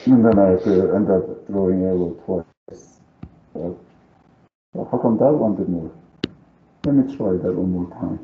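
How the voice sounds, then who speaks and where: Low-voiced and unhurried, a man with a non-native English accent lets long pauses fall as he thinks aloud through a live calculus lecture, urging his students to agree. He is a math teacher. Slight background noise sits under a roomy, dull, lo-fi recording.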